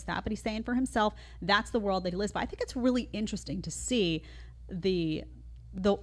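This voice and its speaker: A middle-aged woman hosting her own opinion show, talking in an emphatic way with lots of rhetorical questions. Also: fairly low pitch. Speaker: show host. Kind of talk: opinion commentary.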